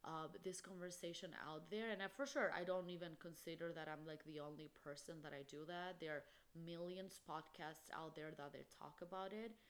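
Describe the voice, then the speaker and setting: A woman's voice: deep voice, fairly even intonation, normal speed, hardly any pauses. A young woman hosting a solo podcast, talking emphatically and passionately, with lots of "literally" and "like". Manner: emphatic, impassioned, peppered with "literally" and "like". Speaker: podcast host.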